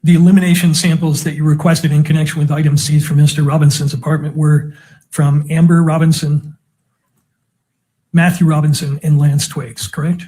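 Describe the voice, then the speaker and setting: A man's voice: a little high, level tone, normal speed, dark tone, breathy edge. A man cross-examining a witness in a courtroom with methodical, leading questions. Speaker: defense attorney.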